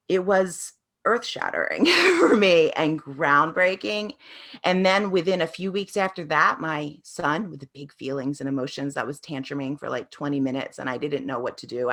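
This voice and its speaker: Woman, low voice, parenting coach, earnest reflective storytelling, interview guest. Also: a bit bright. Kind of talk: conversational interview answers.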